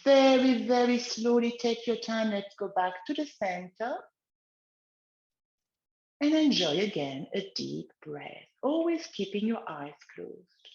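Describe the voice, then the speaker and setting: Slow, gentle woman guiding a relaxation exercise. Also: on the high side, animated, echoey room, lo-fi sound. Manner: slow, gentle guiding of breathing and neck movements. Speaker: wellness instructor. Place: outdoors in the countryside, chickens nearby.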